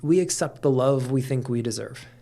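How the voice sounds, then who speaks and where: A man's voice: mid-range voice, moderate pace, creaky, mellow. A middle-aged man talking candidly as a podcast guest, with lots of fillers and casual swearing. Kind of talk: casual conversation.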